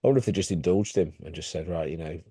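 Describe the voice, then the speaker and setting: A man, co-hosting a podcast in relaxed, hesitant casual chat. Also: low voice, racing, breathy edge, no echo, studio quality. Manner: relaxed, hesitant, many fillers. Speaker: podcast co-host.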